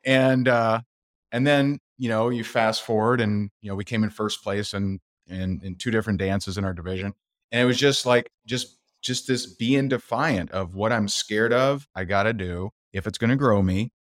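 A man with a lowish voice talks openly as a podcast guest, slipping into livelier voices when he plays out other people's lines. The sound is dry and close, with no room around it. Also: moderate pace, no room sound. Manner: animated storyteller who acts out other people's voices. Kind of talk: candid interview storytelling.

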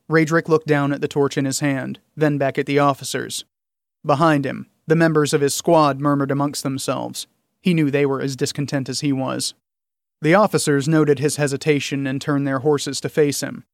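A man narrating a story in a steady, measured reading. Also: a little high, vocal fry, dry recording, studio quality. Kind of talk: audiobook narration.

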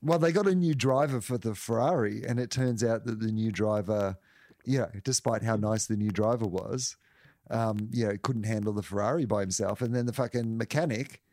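A man's voice: fairly low pitch, normal speed, darkish tone, dry recording. An Australian man co-hosting a sports podcast, making dry jokes with casual swearing. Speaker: podcast co-host. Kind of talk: casual chat.

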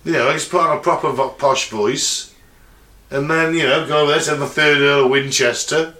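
A man's voice: fairly high pitch, fairly even intonation, fairly quick, pushed and bright. An English man co-hosting a podcast, chatty and joking, laughing often and swearing casually. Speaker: podcast co-host. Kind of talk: casual banter. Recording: echoey room, distant mic.

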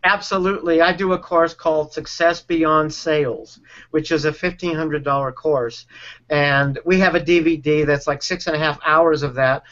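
A man's voice: a little high, fairly even intonation, normal speed, fairly bright tone. A man coaching, earnestly explaining a technique and acting out quoted speech in a conversation. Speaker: relationship and sales coach. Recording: dull lo-fi sound.

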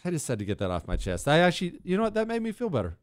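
A man's voice: on the high side, wildly swooping pitch, racing, clear, resonant tone, dry recording. A man hosting a talk show, ranting sarcastically in a casual monologue into a studio microphone. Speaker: radio talk show host.

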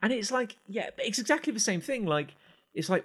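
A man's voice: sits high, brisk, slightly rough. A man co-hosting a podcast, chatting casually and telling travel stories with frequent laughter. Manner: storytelling, animated, laughs often. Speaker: podcast co-host. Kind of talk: casual chat.

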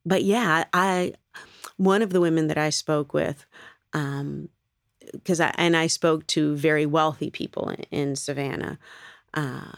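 A woman's voice: low voice, vocal fry, dry recording, studio quality. A woman, an actress, answering interview questions in a chatty, rambling way and laughing often.

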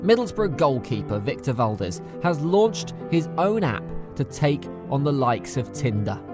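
A man's voice: mid-range voice, big pitch swings, a little slow, over music. A man hosting and narrating comedy in a dry, sarcastic way. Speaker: host. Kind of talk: sardonic scripted comedy narration.

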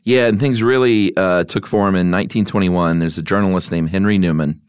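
A man co-hosting a podcast in casual chat, self-deprecating and quick to laugh. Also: sits low, fairly even intonation, clean tone, dry recording, clean studio sound. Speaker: podcast co-host.

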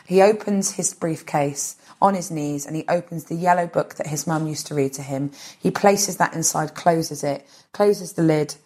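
A woman's voice: deep voice, normal speed, few pauses, mellow. A woman comedian talking as a podcast guest, gushing about films and tripping over repeated words. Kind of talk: casual comedic interview.

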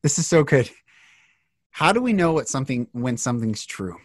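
A husky-voiced man hosting a podcast, enthusiastic and quick to affirm. His voice is dry, close and without room sound. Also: medium pitch, very animated, no room sound. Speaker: podcast host. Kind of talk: casual conversation.

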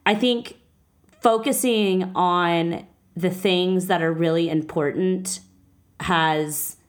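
A woman's voice: fairly low pitch, fairly even intonation, slow pace. Earnest, emotional woman podcast host. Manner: warm, earnest, gets emotional at times. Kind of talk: casual conversational interview.

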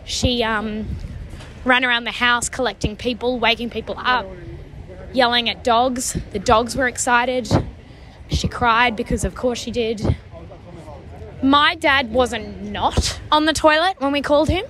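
Wry, chatty young woman, higher voice. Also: measured pace, bright, forceful tone. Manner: wry, chatty, self-deprecating. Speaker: podcast co-host. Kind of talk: casual recorded message.

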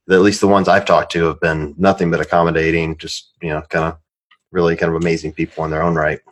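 A man's voice: low-pitched, flat delivery, fast talker. A man hosting a podcast, chatting casually, joking and swearing freely. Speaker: podcast host.

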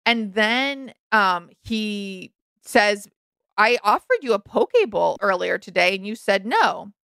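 Young woman, podcast co-host, bright tense tone, gravelly fry, dry close mic, animated and frank. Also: medium pitch, takes it slowly, no echo. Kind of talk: casual recap chat.

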